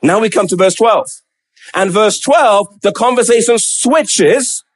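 A man's voice: high-pitched, measured pace. A man preaching a sermon, emphatic and acting out quoted pleas with rising questions.

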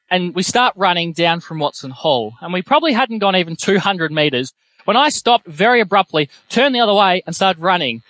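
A young man preaching a sermon, telling self-deprecating personal stories in a lively way. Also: fairly high pitch, dry recording.

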